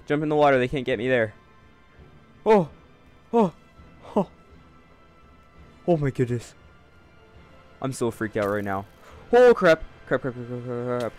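A man's voice: mid-range voice, measured pace, pauses often, faint music behind. Jumpy man voicing a game playthrough. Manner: jumpy, swings between panicked yelling and calm remarks. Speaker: gaming video creator. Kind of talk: let's play commentary.

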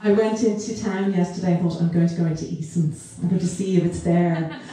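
A woman giving a warm, emotional launch speech to a crowd, laughing often and poking fun at herself. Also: fairly low pitch, brisk. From Ireland. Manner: laughing, self-deprecating, fond of asides. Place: large hall in a castle. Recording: very echoey hall, voice far from the mic, crowd in the background.

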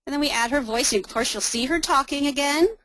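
A woman's voice: high-pitched, fast talker, a bit bright, no echo, rough recording. Upbeat woman presenting a webinar demo. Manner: upbeat, explaining step by step. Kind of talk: software demo walkthrough.

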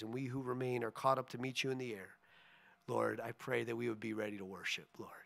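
A man's voice: mid-range voice, a bit bright. A male pastor giving an informal sermon that turns into a prayer, rambling and folksy with many asides, then praying earnestly and repeating "Lord". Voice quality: gravelly.

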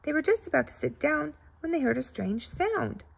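Expressive woman reading a children's story. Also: high voice, normal speed, vocal fry. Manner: expressive, playful.

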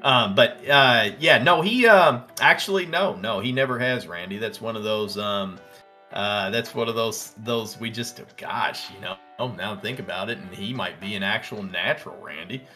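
A man with a Southern American accent hosts a live trading stream, rattling off tickers and percentages between replies to his chat. His voice is bright and forward, and it jumps up with excitement when a stock runs. Faint music plays underneath. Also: lowish voice, moderate pace. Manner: excitable, reads out tickers and prices, answers chat. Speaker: stock trading livestream host. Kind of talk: casual live market commentary.

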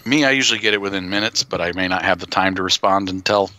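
A man's voice: low-pitched, fast, sharp tone, no room sound. A man co-hosting a casual podcast, joking and rambling with many restarts. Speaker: podcast co-host.

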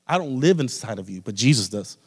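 Male pastor, fervent sermon delivery, mid-pitched voice, long church-hall reverb. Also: expressive, fairly quick, slightly rough. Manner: impassioned preaching, addresses the congregation directly. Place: church sanctuary.

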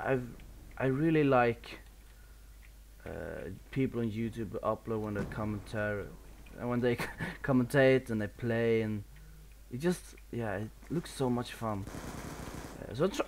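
A man's voice: medium pitch, a little mellow, a little hiss or hum. A man from Sweden with a Swedish accent, giving casual live commentary over a video game while he plays, a bit nervous, swearing and laughing at himself. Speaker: gameplay commentator.

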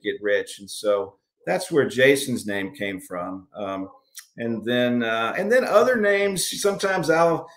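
A man with a mid-range, slightly bright voice and a Southern accent from Alabama. He's an author being interviewed over a video call, and his answers ramble, full of fillers and restarts.

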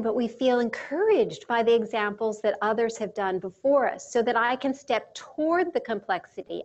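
A woman leading a guided mindfulness talk, speaking calmly and slowly with deliberate pauses. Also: on the high side. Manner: calm, slow and measured, with deliberate pauses. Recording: dull lo-fi sound with faint music.

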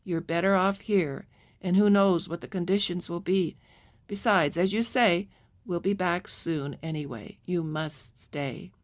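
A woman reading aloud voices a young mother who speaks firmly and deliberately. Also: on the low side, close to an everyday voice. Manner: firm, deliberate. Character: firm young mother, protective and resolute.

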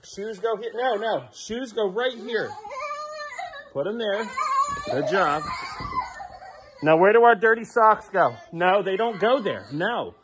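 A man's voice: high-pitched, big pitch swings, slow, pauses often, noisy background. A father filming a home vlog, firmly repeating short commands to his child as he tidies up indoors. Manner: firm, repetitive commands to a child. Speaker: father and vlogger.

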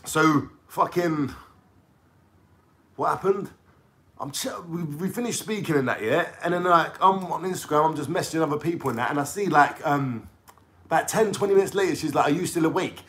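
A young man from London talks straight to his viewers, piling up slang and asides as he tells a long story. He keeps checking in with a quick "yeah?" and drifts off on tangents before picking the thread back up. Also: a little high, a bit bright. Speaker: vlogger telling a story. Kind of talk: casual storytelling vlog.

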